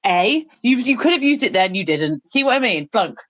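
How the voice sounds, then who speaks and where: A woman hosting a relaxed painting stream, who teases her friend and rambles in a playful way. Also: a little high, a little fast. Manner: teasing, playful, rambling with restarts. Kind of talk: casual chat while painting on a stream.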